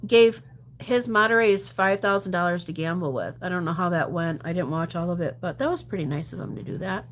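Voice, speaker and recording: A woman's voice: fairly low pitch, fairly quick, slight background noise. A woman chatting casually on a livestream, answering viewer comments, laughing often and dropping to mutters and whispers. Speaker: gambling livestreamer.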